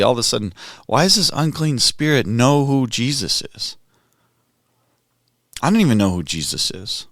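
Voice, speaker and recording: A man's voice: mid-range voice, expressive, normal speed, a bit bright, no echo, clean studio sound. A man hosting a podcast, reflecting on a scripture reading in a musing, conversational way. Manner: musing, conversational, thinks aloud with restarts. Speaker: podcast host.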